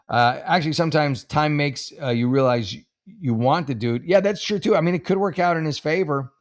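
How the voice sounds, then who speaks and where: A middle-aged man hosting a casual advice show. He reads listener questions and rambles through jokes and personal stories, with many restarts. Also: a little high. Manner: rambling, jokey, many restarts and self-corrections.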